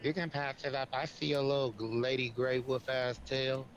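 A man's voice: medium pitch, fairly even intonation, moderate pace, highs cut off, noisy background. A man in casual gaming chat, brash and profane, trash-talking while he plays.

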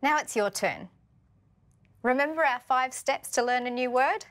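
A woman with an Australian accent teaching a scripted vocabulary lesson, speaking clearly and patiently and putting questions to learners. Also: high voice, normal speed, fairly bright tone, slight background noise.

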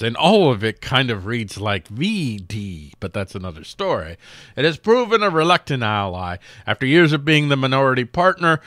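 A man's voice: medium pitch, bright, forceful tone, no echo, clean studio sound. A man hosting a casual political news commentary show, sarcastic and given to mocking the people he quotes. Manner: sarcastic, mocks quoted figures in silly put-on voices.

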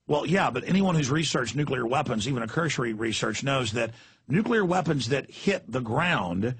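Texan man, talk radio rant, husky rough voice, pitched fairly high, heated and emphatic. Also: a bit bright, dry recording. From Texas. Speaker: radio host.

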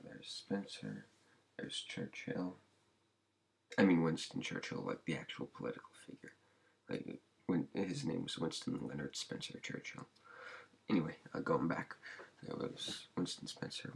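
A man hosting an ASMR channel, rambling in a halting way with many fillers, often dropping into a whisper. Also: low voice, gravelly, breathy edge. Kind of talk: soft-spoken ASMR channel update.

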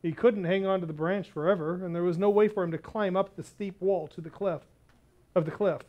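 A male pastor preaching a sermon, telling a story and slowing down hard on key words. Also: sits high, steady tone, lo-fi sound. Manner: emphatic, slows down on key words.

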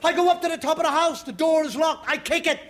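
A middle-aged man doing a stand-up storytelling monologue, moving from low, confiding asides to loud bellowing. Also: fairly even intonation, fast. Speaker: comedian. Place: television studio with live audience. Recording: loud audience laughter, noisy broadcast.

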